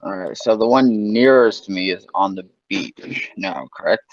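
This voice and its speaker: A man with a fairly low voice plays in an online tabletop game. He states his actions in a direct, matter-of-fact way. The sound is dry and dull, like lo-fi call audio. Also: measured pace, dry recording. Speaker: player. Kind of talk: casual tabletop game chat.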